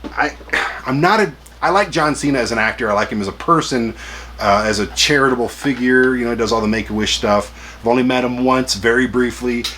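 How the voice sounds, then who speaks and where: A man's voice: medium pitch, brisk, sharp tone, slight background noise. A man in his forties hosting a collecting vlog, chatty and jokey with self-deprecating asides. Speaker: collector vlogger. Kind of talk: casual rambling vlog.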